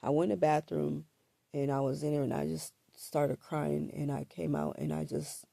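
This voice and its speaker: Her deep, husky voice is gravelly and scratchy from allergies as she slowly tells her personal story to the camera. She falters, repeats words, and fills pauses with "like" and "um," with little pitch movement and a dark, mellow tone. The recording is dry and close, with no echo.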